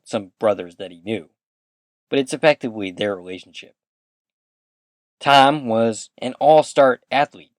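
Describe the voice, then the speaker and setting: A man's voice: mid-range voice, no echo. A man hosting a rewatch podcast, casually recapping an episode scene by scene and quoting the characters' lines. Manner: casual, animated retelling with quoted dialogue. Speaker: podcast host.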